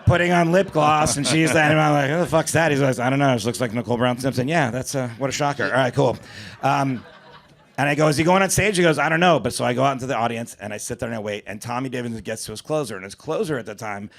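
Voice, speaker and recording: A male comedian hosting a live podcast, telling an animated, profane story and acting out the quotes. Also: medium pitch, quick pace. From South Florida. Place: comedy club stage before a live audience.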